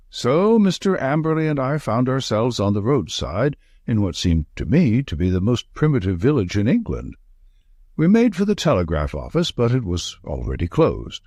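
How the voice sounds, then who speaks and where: A man narrating a classic story in a measured, storytelling manner. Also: mid-range voice, sing-song, darkish tone, no room sound, studio quality. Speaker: audiobook narrator. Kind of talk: scripted narration.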